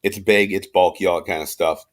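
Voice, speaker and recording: A man's voice: deep voice, fairly even intonation, brisk. A man teaching a history lesson in a casual, chatty, slangy way, with fillers and loose restarts. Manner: chatty and slangy, acts out quotes in everyday speech. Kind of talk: casual recorded class lecture.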